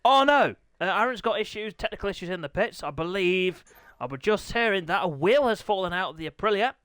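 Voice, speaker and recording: A young man hosting a racing game live stream, excitable and jokey, with squealing high bursts of excitement. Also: fast talker, clean tone, dry recording. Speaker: race commentator and stream host.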